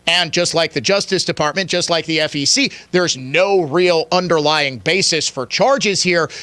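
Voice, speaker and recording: A man's voice: high voice, bright, forceful tone, dry recording. A man hosting a radio talk show, delivering a heated, combative political monologue. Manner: fiery, combative, challenging the listener.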